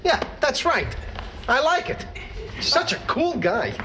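An actor playing a neurotic, excitable middle-aged man in a sitcom, whiny and stammering. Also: very high voice, slow pace, heavy background noise, heavily acted. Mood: gushing. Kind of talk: sitcom acting. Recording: TV clip with background ambience.

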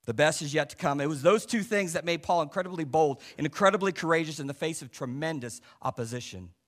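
Male pastor, sermon, fairly high voice, punchy emphasis, frequent rhetorical questions, drops low and soft for asides. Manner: swings between loud stresses and quiet low asides.

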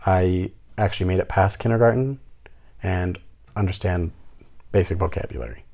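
A young man, a landlord, rants casually about a rental applicant, packing the story with sarcastic, mocking asides. His low voice is gravelly and dark in tone, at normal speed.

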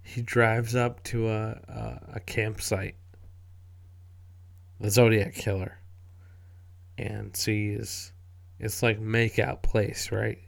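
A man with a gravelly, creaky voice talks at a slow, unhurried pace, sitting a little low in pitch. He rambles in a casual way, restarts his phrases often and swears freely. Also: little pitch movement. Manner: rambling, profane, frequent restarts. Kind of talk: casual spoken commentary.

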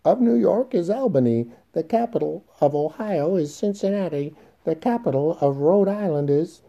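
A man's voice: fairly high pitch, lively intonation, normal speed, creaky, mellow, dull audio, voice pushed up. A man voicing a young boy's recorded recitation, nasal and childish. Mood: reciting.

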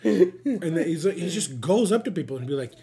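A man's voice: on the high side, brisk. A man co-hosting a podcast, chatting casually and telling stories with lots of laughter. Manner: animated storyteller, laughing, quoting people in funny voices. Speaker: podcast co-host. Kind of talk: casual chat.

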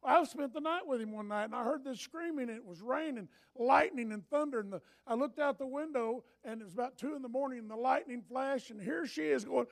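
Older male pastor, high gravelly voice, storytelling sermon that swings from soft to loud. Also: brisk, few pauses.

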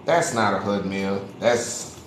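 A man's voice: on the low side, takes it slowly, far from the mic. A man co-hosting a casual chat, cracking dry jokes and laughing often. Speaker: podcast co-host. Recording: very echoey room with faint noise.

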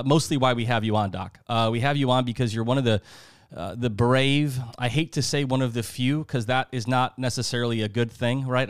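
A man's voice: mid-range voice, clear, resonant tone, no echo, clean studio sound. A man hosting a podcast, talking enthusiastically and rambling with many fillers. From United States. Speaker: podcast host. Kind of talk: casual interview conversation.

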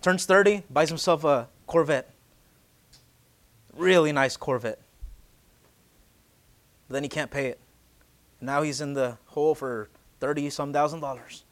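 A man in his late twenties, a pastor, preaching a casual, joking sermon that swells into loud, urgent emphasis. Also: on the high side, a little slow, long pauses. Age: late 20s.

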